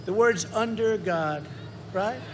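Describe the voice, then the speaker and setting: A man in his seventies giving a rambling, repetitive campaign rally speech, swinging into loud emphasis. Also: sits high, slow, a little hiss or hum. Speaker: politician at a rally.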